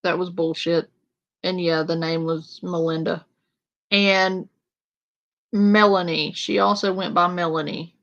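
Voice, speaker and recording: A woman on a panel talks slowly and deliberately in a lowish voice. She rants with exasperation and heavy swearing in casual commentary. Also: level tone, a bit bright, lo-fi sound. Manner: exasperated, profane ranting. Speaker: panel guest.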